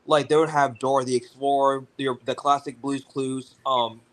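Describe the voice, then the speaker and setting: A man chatting casually and eagerly, jumping in with quick remarks. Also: mid-range voice, level tone, a bit bright. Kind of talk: casual chat.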